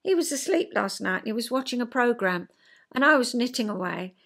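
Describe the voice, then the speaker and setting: Chatty woman, higher voice. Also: lively intonation, fairly quick, creaky, a bit bright. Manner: acts out quoted voices with big pitch jumps; chatty, checks in with listener. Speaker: podcast host. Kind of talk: casual chat explaining psychology.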